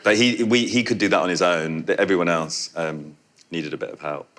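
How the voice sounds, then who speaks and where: A man with a Yorkshire accent and a notably low voice talks through a festival Q&A. He tells stories with lively, chatty energy and laughs often. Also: a little fast. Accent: Yorkshire English. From Yorkshire, England. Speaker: film director, festival guest. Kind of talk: festival Q&A talk.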